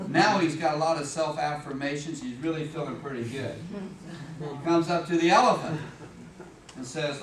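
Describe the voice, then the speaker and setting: A man's voice: a little high, normal speed, fairly bright tone. A middle-aged man gives a humorous motivational talk at an office meeting, telling stories and acting out voices and sounds. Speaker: speaker at a business meeting. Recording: echoey room, far from mic, background noise.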